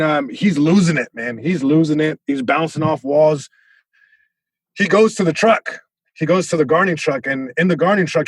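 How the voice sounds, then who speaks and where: Male comic on a podcast, slightly high voice, acts out voices as he tells stories, dry mic. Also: dry recording. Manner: animated, acts out voices, many restarts. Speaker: comedian guest. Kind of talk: casual storytelling chat.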